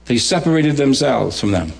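Animated Bahamian preacher with lively swings. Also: male voice, mid-range voice, moderate pace, gravelly. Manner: animated, dramatic voice swings and humor. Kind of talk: sermon.

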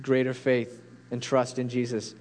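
A man's voice: mid-range voice, completely flat delivery, measured pace, darkish tone. A man preaching a sermon as a pastor, earnest and pleading, building to intense peaks.

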